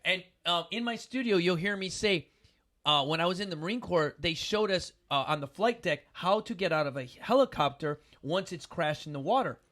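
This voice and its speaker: Middle-aged guy hosting a talk show, pretty high voice, gets loud and animated telling his story. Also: moderate pace. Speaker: podcast host. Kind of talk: storytelling in casual chat.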